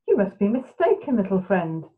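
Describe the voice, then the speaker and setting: A woman's voice: medium pitch, sing-song, normal speed, natural voice. A woman voicing a proud, defiant male zebra in a bedtime storybook. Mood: scornful. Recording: tinny phone-like sound.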